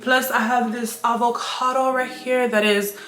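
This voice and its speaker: A woman's voice: a little high, little pitch movement, unhurried, fairly bright tone, roomy sound. A young woman talking casually to her viewers while she cooks and cleans in her apartment, calling them "y'all". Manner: chatty, addresses viewers as y'all. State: out of breath. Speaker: vlogger. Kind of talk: casual vlog talk to camera. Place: small apartment kitchen.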